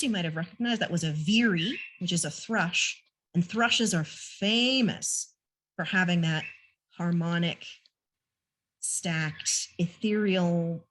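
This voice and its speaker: Casual female presenter, relaxed and self-deprecating, talking to trainees over a video call. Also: on the low side, a little hiss or hum. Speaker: naturalist presenter. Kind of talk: online training talk. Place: home room with a pet bird nearby.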